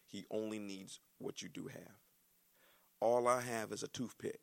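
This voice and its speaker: Man, pastor, sermon, gravelly voice, folksy and fired up. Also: lowish voice, a little slow. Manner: preaches with rising, shouting excitement and folksy asides.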